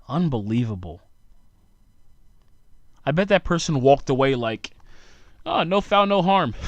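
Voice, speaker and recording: On his solo podcast, a tired young male host launches into a sarcastic, rambling rant full of frequent asides. His mid-range voice has a fairly bright tone, and there is no echo.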